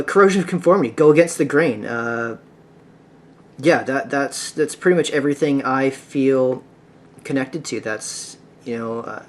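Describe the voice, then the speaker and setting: A man hosting a casual music podcast, rambling with lots of filler words and restarts. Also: medium pitch. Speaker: podcast host. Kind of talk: casual solo podcast talk.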